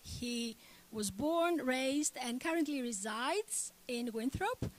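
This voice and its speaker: Woman, formal host introduction, slow deliberate pace, slightly high voice. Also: expressive. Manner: measured and formal. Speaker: department chair introducing a speaker. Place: cultural center hall.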